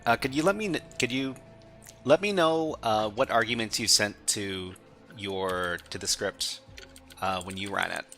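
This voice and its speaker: A man's voice: lowish voice, unhurried, bright, forceful tone, faint music behind. A man hosting a live stream, chatting casually as he works through a hacking exercise, often restarting his phrases. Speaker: stream host.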